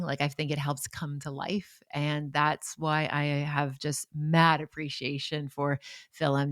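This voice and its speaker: Low-voiced chatty woman podcaster. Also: slight background noise. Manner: warm, chatty, enthusiastic, digresses into asides. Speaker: podcast host. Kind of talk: casual solo podcast talk.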